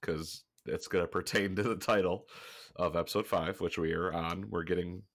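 A man with a low-pitched, steady, slightly bright voice talks at a moderate pace. Co-hosting a gaming podcast, he chats casually and a bit congested, rambling, swearing freely, and laughing often.

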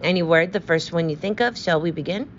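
A woman voicing a precise, polite foreign male detective who questions in a measured, courteous way. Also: lowish voice, muffled recording, slight background noise, lightly acted. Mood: coaxing.

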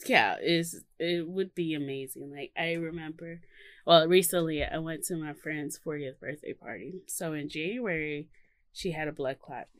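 A woman's voice: sits low, normal speed, no room sound. A woman co-hosting a podcast in casual chat, laughing often and filling her speech with ums and likes. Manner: chatty, laughs often, many fillers. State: hiccups. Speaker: podcast co-host.

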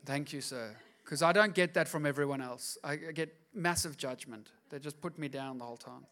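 A man with a fairly high voice preaches a sermon in church. He moves between soft, confiding asides and loud, driving exhortation. He acts out the voices in his stories as he goes. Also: a little fast. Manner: acts out voices in quoted dialogue. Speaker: pastor. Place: church service.

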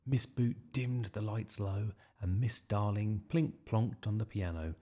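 A man reading a children's story aloud in a lively, expressive way. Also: on the low side, measured pace. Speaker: storybook reader.

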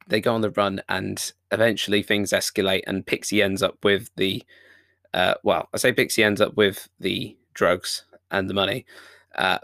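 A young man talks through a film review on his podcast, keen and chatty, often pausing on an "uh". His voice sits fairly low, and the sound is dry and close with no room echo. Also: creaky, fairly bright tone. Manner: chatty and enthusiastic, frequent "uh" fillers. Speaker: podcast host. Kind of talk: casual film review monologue.

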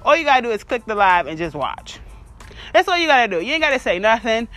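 A woman with a fairly high voice rants on her podcast, blunt, profane and openly mocking. Faint music plays quietly behind her. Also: very animated, quick pace. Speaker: podcast host. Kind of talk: casual opinion rant.

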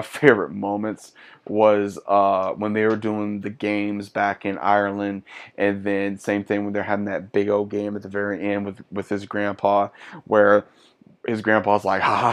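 A man in his thirties, chatty and enthusiastic, giving a casual movie review to his viewers. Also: fairly low pitch.

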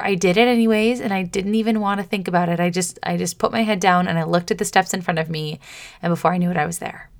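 A woman hosting a solo coaching podcast, talking casually and chattily and acting out her own inner voice. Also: mid-range voice.

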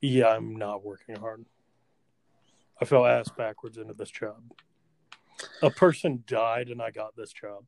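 A man's voice: fairly low pitch, fairly even intonation, measured pace, creaky, pauses often, darkish tone, slight background noise. A man co-hosting a podcast in casual, profane chat and trading crude jokes with his friend. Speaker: podcast co-host.

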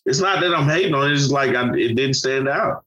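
A man's voice: medium pitch, brisk, bright, forceful tone, dull audio. A man in casual conversation about an album, hesitant and often rephrasing himself. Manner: hesitant, rephrases, many fillers. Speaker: podcast co-host. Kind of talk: casual music review chat.

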